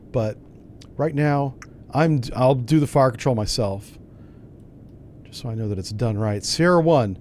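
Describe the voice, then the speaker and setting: A man's voice: medium pitch, a little mellow, slight background noise. Man, game commentary, talks through each move aloud, wry asides, mid-range voice. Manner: thinks aloud, wry and self-mocking. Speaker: gaming channel host. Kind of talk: casual gameplay commentary.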